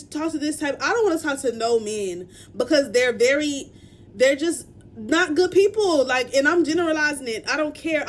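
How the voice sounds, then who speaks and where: Young woman, upset and near tears, slightly high pitch, casual to-camera storytime. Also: a little hiss or hum. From Dallas, Texas. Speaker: vlogger telling a story.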